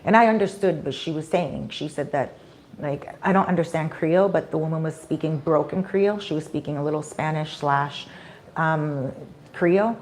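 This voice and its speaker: A woman's voice: low-pitched, moderate pace, a little hiss or hum. A woman vlogger chatting casually on a live stream, telling a story with animation and acting out the people in it. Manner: animated storyteller who acts out quoted people.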